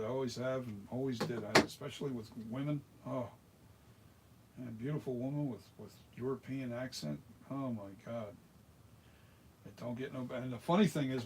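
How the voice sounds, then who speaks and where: A man's voice: mid-range voice, slight background noise. Rambling South Jersey man in his workshop. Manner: rambling, mutters to himself, restarts. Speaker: mask maker. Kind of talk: casual workshop chat while working.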